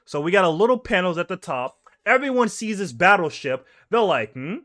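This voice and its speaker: A man's voice: high voice, sing-song, a little fast, a bit bright. A young man casually reading through a manga chapter, rambling and correcting himself as he goes. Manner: rambling, self-correcting, chuckling. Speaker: manga reaction host.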